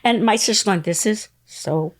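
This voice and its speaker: A woman in her sixties, a podcast guest telling a long story in an animated way, acting out the voices of the people in it. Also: mid-range voice, moderate pace, no echo, clean studio sound. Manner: animated, acts out quoted voices.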